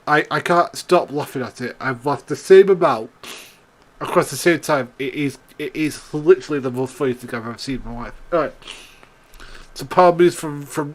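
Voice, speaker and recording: A man's voice: mid-range voice, a bit bright. Young man, loose rambling recap voice, salty and giggly, stumbles through fillers. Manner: laughs often, swears, many restarts and fillers. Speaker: wrestling show reviewer.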